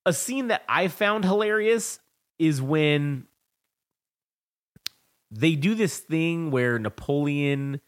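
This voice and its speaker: Speaking slowly and pausing often, this man has a clean, slightly high voice. He co-hosts a podcast where he retells movie scenes in a casual, profane, animated way and acts out the lines.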